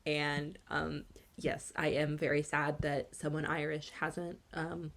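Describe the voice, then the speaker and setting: A woman's voice: deep voice, little pitch movement, takes it slowly, a bit bright. Chatty woman podcast co-host. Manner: chatty and gushing, with frequent "like" and "um". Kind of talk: casual chat.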